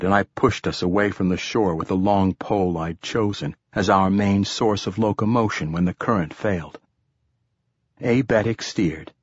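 Casting: calm male audiobook narrator, husky low voice, dry close sound. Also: dry recording. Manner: calm, measured storytelling.

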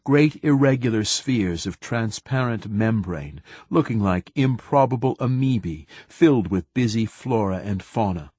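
A man narrating a science fiction audiobook in a steady, even storytelling manner. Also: on the low side, measured pace, hardly any pauses, husky, no room sound. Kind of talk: scripted narration.

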